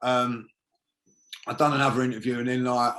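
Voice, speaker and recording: A man's voice: medium pitch, little pitch movement, normal speed, fairly bright tone. A man, a podcast guest telling a long anecdote in a casual, rambling way, full of fillers like "you know what I mean". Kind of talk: casual storytelling.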